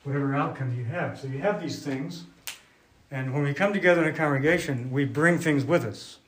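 A man giving a sermon to a congregation, unhurried and conversational, thinking aloud with restarts while drawing on a board. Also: on the high side. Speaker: preacher.

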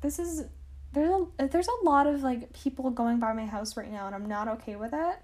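A woman's voice: fairly high pitch, moderate pace, a little mellow. Chatty young woman telling history. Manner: chatty, full of "like" and self-corrections. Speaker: podcast host. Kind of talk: casual history storytelling. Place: at home.

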